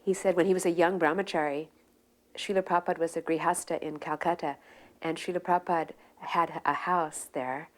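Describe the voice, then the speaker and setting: A woman recounting devotional memories in a relaxed, storytelling way, soft-spoken, with fillers and restarts. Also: low-pitched. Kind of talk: reminiscing storytelling.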